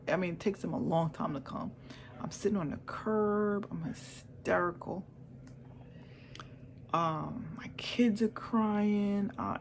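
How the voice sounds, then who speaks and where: A woman's voice: medium pitch, slight background noise. Emotional woman telling a personal story. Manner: emotional, repeats herself, drops into a near whisper. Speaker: vlogger.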